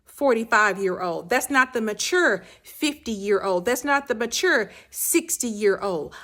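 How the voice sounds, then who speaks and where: A woman with a fairly high voice delivers a motivational talk as a life coach. She speaks slowly and deliberately, repeating phrases for emphasis and often sinking to a hushed, low near-whisper. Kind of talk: motivational speech.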